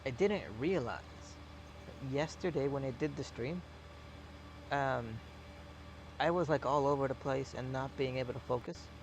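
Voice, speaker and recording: Young guy rambling thru a farming game stream, gravelly voice, sore throat, noisy engine hum behind. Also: medium pitch, a little slow, pauses often. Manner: rambling, deadpan jokes, drifts off topic. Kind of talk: casual gameplay commentary.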